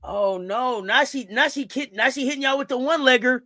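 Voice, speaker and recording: A woman hosting a live basketball watch-along, reacting out loud and talking straight to the players. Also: high-pitched, fast, few pauses, no room sound, clean studio sound. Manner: exclamatory, talks straight to the players. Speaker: sports watch-along host. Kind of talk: live game reaction commentary.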